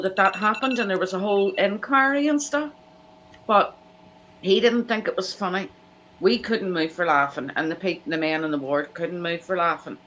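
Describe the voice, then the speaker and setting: Woman, lowish voice, chatty storyteller, acts out quotes. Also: slight background noise, poor audio. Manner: animated anecdote teller, acts out quoted voices. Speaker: live chat host. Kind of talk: casual storytelling chat.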